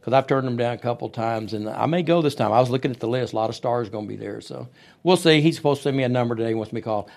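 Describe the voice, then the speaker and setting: An older man talking as a guest on a podcast, relaxed and rambling, with many fillers. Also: mid-range voice, creaky. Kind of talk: casual interview chat.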